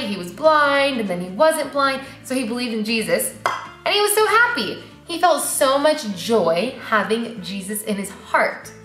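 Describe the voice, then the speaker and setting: A young woman leading a preschool church Bible lesson, sing-song and animated, asking the kids questions. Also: a little high. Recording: roomy echo with faint music.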